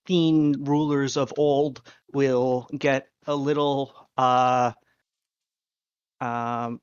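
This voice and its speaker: Slow, halting male game master. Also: fairly high pitch, no room sound, muffled recording. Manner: slow, halting, many fillers. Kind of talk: narrating a tabletop game.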